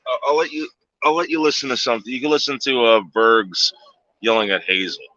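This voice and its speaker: A man's voice: medium pitch, fairly quick, sharp tone, no echo, muffled recording. A man from the United States hosting a livestream, talking in a crude, meandering, offhand way. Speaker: livestream host. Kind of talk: casual rambling monologue.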